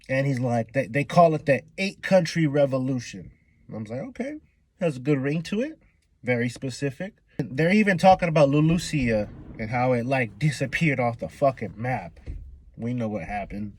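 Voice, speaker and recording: A man's voice: fairly high pitch, unhurried, no room sound. Hyped young man recapping manga, swearing freely. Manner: excitable, profane, slangy, acts out characters' lines. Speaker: manga reaction youtuber. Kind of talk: casual chapter recap.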